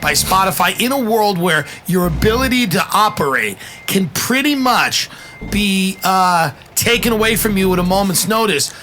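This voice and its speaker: A man hosting a casual podcast chat, animated, joking and profane, firing off questions. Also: high voice, moderate pace, a little hiss or hum. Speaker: podcast host.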